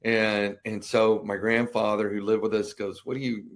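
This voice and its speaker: A man's voice: lowish voice, little pitch movement, normal speed. A middle-aged man, a veteran guest on a podcast, telling stories animatedly and acting out family members' voices. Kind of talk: casual storytelling interview.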